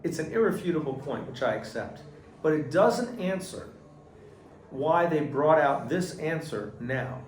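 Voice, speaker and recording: A man with a slightly high voice teaches a Torah class, quizzing his students and bursting into loud acted-out quotes. He sounds distant from the mic in an echoey room with faint background noise. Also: measured pace. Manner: animated, asks the class questions, acts out quotes loudly.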